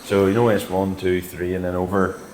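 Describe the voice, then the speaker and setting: Low-voiced man telling a story. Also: level tone, a little fast, a loud crowd. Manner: swearing, laughing, acts out quotes. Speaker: podcast co-host. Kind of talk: casual storytelling chat. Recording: echoey room with faint noise.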